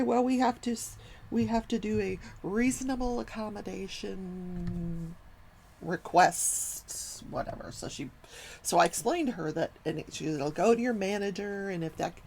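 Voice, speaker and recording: An older woman hosting a casual talk show, telling a long workplace story and acting out the people in it with lively, animated quoting. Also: lowish voice, gravelly, a little hiss or hum, rough recording. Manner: animated, acts out quoted people.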